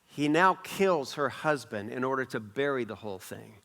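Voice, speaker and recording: Man preaching an animated sermon. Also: moderate pace, gravelly. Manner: animated preaching with swings in pitch and volume, repeating phrases for emphasis. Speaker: pastor. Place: church.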